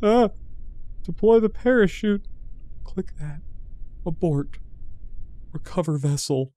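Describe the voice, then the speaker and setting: A man giving casual let's-play commentary, excitable and confused, talking to himself as he plays. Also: mid-range voice, unhurried, pauses often, faint music behind. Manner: excitable, confused, talks to himself while playing. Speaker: gaming video host.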